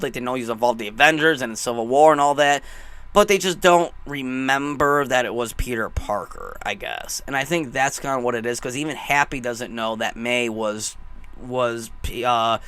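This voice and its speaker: Bright, gushing young man reviewing films. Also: mid-range voice, no room sound. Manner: gushing, rambling, emotional. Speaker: movie reviewer. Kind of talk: excited casual movie review.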